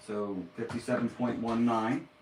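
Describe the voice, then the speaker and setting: A man's voice: medium pitch, little pitch movement, moderate pace, a little mellow. A man visiting as a donor, chatting modestly and joking, laughing easily. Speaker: guest donor. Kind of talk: casual live-stream chat. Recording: echoey room, mic at a distance, faint noise.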